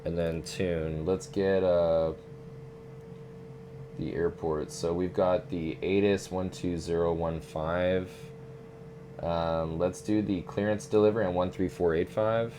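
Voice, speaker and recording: Talking slowly in a low voice over slight background noise, this young man casually chats while playing a flight sim. He's laid-back, swears occasionally, and says "dude" a lot.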